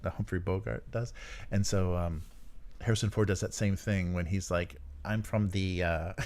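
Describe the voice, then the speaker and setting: A man with a notably deep, low-pitched voice chats casually as a podcast co-host. He rambles through his points, full of fillers and quick chuckles. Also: darkish tone. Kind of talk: casual chat about tabletop games.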